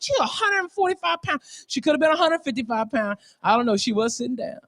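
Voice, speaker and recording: High, bright-voiced excitable comedian man. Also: fast talker. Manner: excitable, profane, laughing storyteller. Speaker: stand-up comedian. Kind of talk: stand-up comedy routine.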